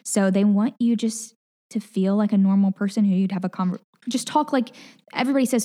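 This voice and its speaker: A woman in her twenties from the American South, a news reporter with a faint Southern accent, talking in a clear, well-enunciated way as a podcast guest. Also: mid-range voice, fairly quick, mellow. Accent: slight Southern American. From Collierville, Tennessee, US. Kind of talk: casual interview chat.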